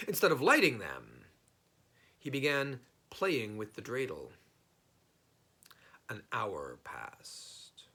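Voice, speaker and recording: Unhurried man reading a storybook aloud. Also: lowish voice, sharp tone, breathy edge.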